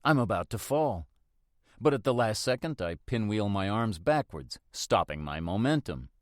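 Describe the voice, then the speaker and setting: A man narrating a first-person mystery audiobook in a steady, reflective manner. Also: on the low side, moderate pace, no echo, clean studio sound.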